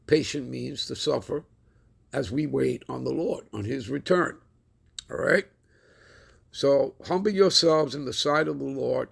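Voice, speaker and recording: A man teaching from scripture in a deeply gravelly voice. His tone is husky and a little rough. He speaks with a deliberate, preacherly emphasis and keeps checking in with his audience. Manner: checks in constantly with the listener. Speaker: Bible teacher. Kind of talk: scripture lesson.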